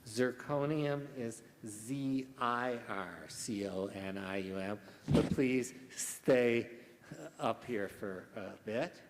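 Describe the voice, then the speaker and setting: A man serving as pronouncer at a spelling bee, reading out words and their definitions in a formal, carefully enunciated manner. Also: medium pitch. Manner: slow, deliberate enunciation. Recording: echoey hall.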